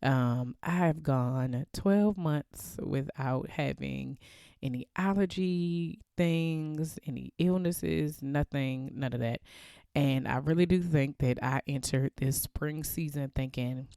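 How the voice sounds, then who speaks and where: A woman in her thirties hosting a casual faith podcast, with a deep, bassy voice that sounds congested from allergies. She is chatty and laughs often. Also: slow pace, gravelly, warm tone, dry recording, studio quality. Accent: American. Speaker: podcast host.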